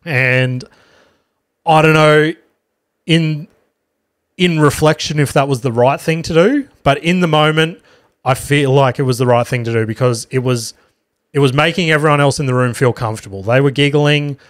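A man's voice: on the high side, moderate pace, dry recording, clean studio sound. Swearing Australian man telling a story. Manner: rambling, swears freely, self-correcting asides. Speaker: podcast host and stand-up comedian. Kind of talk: casual storytelling monologue.

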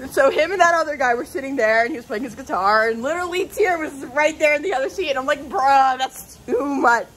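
A woman with a slightly high voice rants casually to her camera at home. She is out of breath, and her talk rambles and turns emotional, padded with "like". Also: fairly bright tone, slight background noise. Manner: rambling, emotional, heavy use of "like". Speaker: vlogger. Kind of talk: casual vlog rant.

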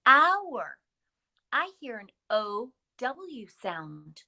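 A middle-aged woman teaching a live English lesson, speaking slowly and deliberately and sounding words out for learners. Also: fairly high pitch, very animated, bright, forceful tone. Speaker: ESL instructor.

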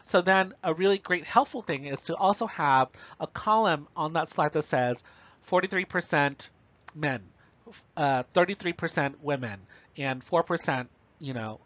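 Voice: medium pitch, animated, normal speed, fairly bright tone, dry recording. A university lecturer giving a recorded instructional lecture in a casual, explanatory way, often checking in with listeners. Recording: dull, slightly lo-fi dry recording.

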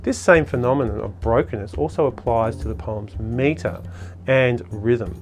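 A man of middle pitch reads a scripted lesson on a poem, calm and explanatory, leaning on key words for emphasis. Soft music plays faintly underneath his voice. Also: moderate pace. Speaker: poetry lecturer. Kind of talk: scripted educational narration.

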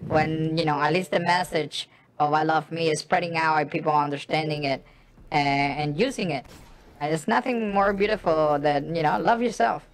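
Middle-aged woman streamer, slightly low voice, casual and halting, keeps repeating her phrases. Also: steady tone, a little hiss or hum. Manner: chatty, repeating phrases, halting with many fillers. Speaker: streamer host. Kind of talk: casual gameplay stream chat.

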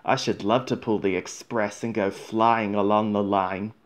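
A man voicing an eager young male steam engine, who speaks brightly. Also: lowish voice, fairly even intonation, a little slow, lightly acted. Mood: wistful.

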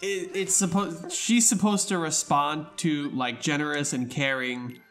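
Animated man telling a game story. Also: a little high, unhurried, faint music behind. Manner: animated, laughing, acts out shouted quotes. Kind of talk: casual storytelling chat.

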